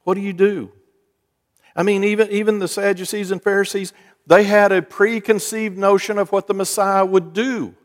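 A pastor preaches in a conversational, storytelling style, his high voice delivered flatly at normal speed. A long church reverb hangs on the recording.

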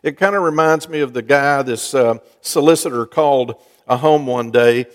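A man's voice: medium pitch, moderate pace. A man, a pastor, giving a sermon in a chatty, storytelling way. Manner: conversational storytelling preacher. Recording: long church reverb.

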